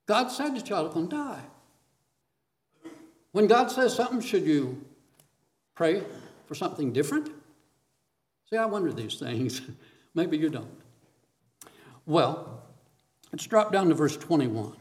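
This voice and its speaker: A man's voice: high voice, sing-song, slow pace, pauses often. A man preaching a sermon, reading scripture aloud and asking questions of his listeners.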